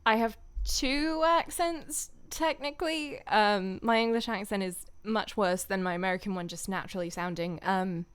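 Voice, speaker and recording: A woman's voice: medium pitch, smooth. A woman voice actor chatting casually on a stream, rambling and laughing often.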